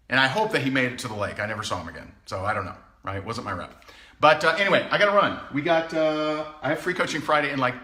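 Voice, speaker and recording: A man coaching live in a casual way, telling stories with emphasis and frequent chuckles. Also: a little high. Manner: animated storyteller, emphatic, chuckles often. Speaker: sales coach. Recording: echoey room.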